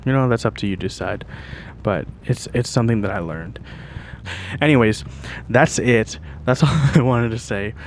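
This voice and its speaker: A man's voice: mid-range voice, moderate pace, a little hiss or hum. A young Canadian man hosting a podcast, telling a story in a loose, profane way with constant "like" and "you know what I mean". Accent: Canadian English. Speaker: podcast host. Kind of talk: casual storytelling monologue.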